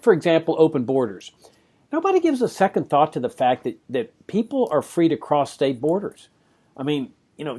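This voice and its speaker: Animated man, podcast host. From Laredo, Texas. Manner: animated, sarcastic, swings pitch up for emphasis. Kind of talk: podcast discussion.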